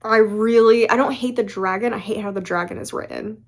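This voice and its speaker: A young woman chatting casually in a book vlog, animated and full of fillers and quick laughs. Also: on the high side. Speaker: book vlogger. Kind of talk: casual chat.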